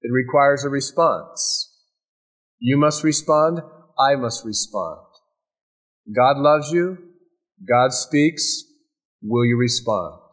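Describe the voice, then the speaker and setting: A male pastor preaches a sermon with a mid-pitched, animated voice. His delivery is emphatic, built on repeated phrases and dramatic pauses.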